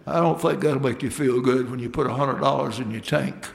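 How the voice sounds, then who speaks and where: A man's voice: mid-range voice, a little fast, gravelly. A man preaching a sermon, folksy and emphatic, calling out for amens from the congregation.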